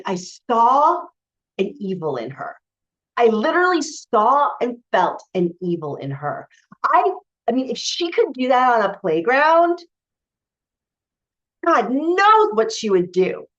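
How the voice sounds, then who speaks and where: A woman coaching spiritually, telling a personal story to camera in a candid, emphatic way with many fillers and restarts. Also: mid-range voice. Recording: dull lo-fi recording.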